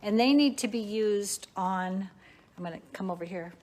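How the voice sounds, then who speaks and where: A woman's voice: medium pitch, moderate pace, darkish tone, a little hiss or hum. A woman giving a leisurely, chatty guided tour inside her small shop, showing off the items on the shelves.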